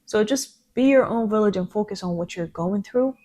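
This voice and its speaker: A woman's voice: mid-range voice, moderate pace, warm tone. Earnest woman co-hosting a podcast. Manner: earnest, emotional, motivational. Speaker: podcast co-host. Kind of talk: casual podcast chat.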